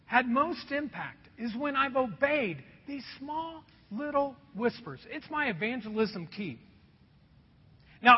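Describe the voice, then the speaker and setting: A man preaching a sermon as pastor, telling stories with lively energy and dropping to a hush at times. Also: very high voice, slightly rough. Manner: animated storytelling, drops to a hush. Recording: dull sound with long hall reverb.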